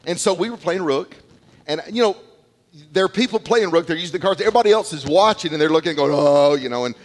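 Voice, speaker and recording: A middle-aged male pastor preaching a sermon in church, telling stories in an animated way, repeating words and acting out quotes. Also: on the high side, quick pace. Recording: long hall reverb.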